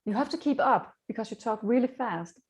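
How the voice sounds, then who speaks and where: A woman's voice: a little high, expressive, brisk. A woman co-hosting a chat over a video call, talking casually and laughing easily. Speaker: co-host.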